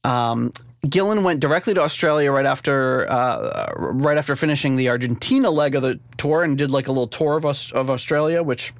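A man hosts a casual podcast live stream from a home room with a CD rack, rambling with lots of fillers and laughing easily. His medium-pitched voice swings widely in pitch at a fairly quick pace, and the sound is clean studio quality with no room sound.

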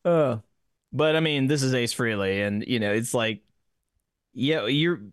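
A man co-hosting a music podcast in casual chat, acting out mock quotes with animated energy. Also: mid-range voice, normal speed, clear, resonant tone, no room sound, studio quality. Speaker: podcast co-host.

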